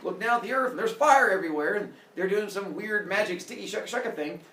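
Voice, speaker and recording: A man voicing a boastful, theatrical king of the gods, swinging from chatty to shouting, in an echoey room from far off. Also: sits high, expressive, fast talker, a little hiss or hum, pitched above the performer's own voice. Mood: sly accusing.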